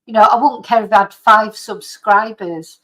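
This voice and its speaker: Middle-aged lady ranting on her own channel, indignant, keeps restarting, normal pitch. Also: normal speed, a bit bright, poor audio. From Britain. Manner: indignant, rambling with frequent restarts. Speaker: channel host. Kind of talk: casual opinion monologue.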